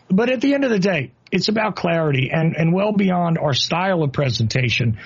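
Husky New Jersey man hosting a chat. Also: high-pitched, animated, moderate pace, muffled recording. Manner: rambling, many fillers and restarts. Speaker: host. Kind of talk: casual interview chat.

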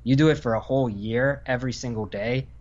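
A Northern Virginia man who served as an Army infantry veteran talks casually as a podcast guest, rambling with many fillers and restarts. His mid-range voice is fairly quick and a little mellow. The audio sounds dull.

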